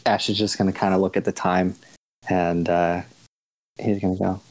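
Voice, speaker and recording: A man playing a tabletop game, describing his character's actions in a halting way, full of fillers. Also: low voice, little pitch movement. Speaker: player.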